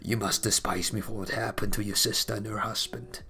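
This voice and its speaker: A man reading out a stern older male judge in a game, speaking quietly, slowly and with contempt. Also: fairly low pitch, little pitch movement. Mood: cold, scornful.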